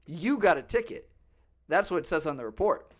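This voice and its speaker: A man's voice: on the high side, normal speed. A man telling stories on a casual podcast, swearing freely and acting out the people he talks about. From Florida. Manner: animated storytelling, swears often, acts out callers. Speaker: podcast host. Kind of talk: casual chat.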